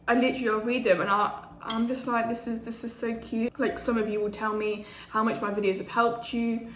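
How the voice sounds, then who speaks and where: A woman's voice: on the high side, flat delivery, brisk, a bit bright. Chatty young woman. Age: 20s. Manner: chatty, eating while talking. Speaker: food vlogger. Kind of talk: casual mukbang chat. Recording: echoey room with faint ambience.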